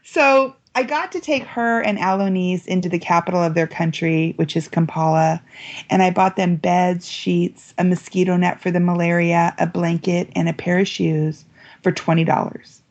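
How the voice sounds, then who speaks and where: A middle-aged American woman, a guest telling a story in a lively way, jumping up in pitch when she quotes people. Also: moderate pace, highs cut off. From United States. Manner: lively, quotes voices with big pitch jumps. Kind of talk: animated storytelling.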